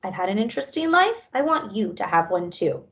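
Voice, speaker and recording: A woman's voice: medium pitch, big pitch swings, a little fast, a bit bright. A woman voicing a brave, scrappy male dog who urges his sister to climb on his back. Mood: urgent. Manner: urgent, pleading.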